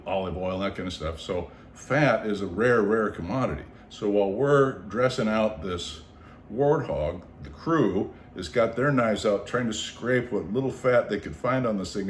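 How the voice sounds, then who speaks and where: Guy from seattle spinning a wild story, acts out everyone's voices, swears a lot, echoey room w/ faint background noise. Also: fairly low pitch. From Seattle, United States. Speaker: storyteller on his own show. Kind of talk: casual anecdote in conversation.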